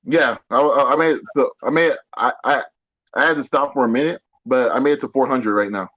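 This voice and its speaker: A man co-hosting a casual podcast, speaking haltingly and restarting his sentences. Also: medium pitch. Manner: halting, hesitant, repeats himself. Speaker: podcast co-host. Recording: dull lo-fi audio.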